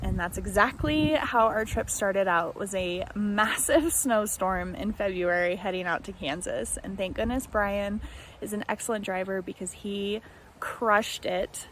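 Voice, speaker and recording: A young American woman vlogging, speaking an emotional tribute to her grandmother, halting often with fillers and restarts. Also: medium pitch, a bit bright, a little hiss or hum, rough recording. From United States. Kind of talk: heartfelt tribute and vlog narration.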